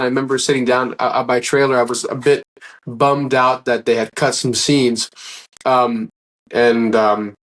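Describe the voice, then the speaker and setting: Earnest, rambling man telling stories. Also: mid-range voice. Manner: earnest, rambling, acts out quoted dialogue. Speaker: interview guest, actor. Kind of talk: casual interview storytelling.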